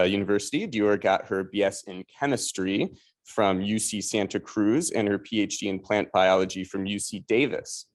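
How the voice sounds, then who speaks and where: A man with a Chicago accent opens an academic seminar and introduces the speakers. His voice sits a little low, and he talks in a relaxed, hesitant way with many fillers. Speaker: seminar host.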